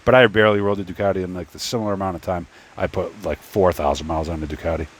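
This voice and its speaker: Man, lowish voice, rambling workbench chat, stop-start, mutters to himself while assembling parts. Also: steady tone, rapid-fire, slight background noise. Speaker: 3D printing YouTuber. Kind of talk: casual workbench storytelling. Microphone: phone.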